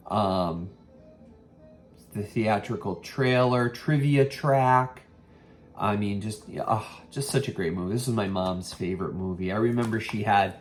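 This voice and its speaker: A man hosting a casual thrift haul vlog, rambling with many ums and self-corrections. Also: lowish voice. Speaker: vintage reseller and vlog host.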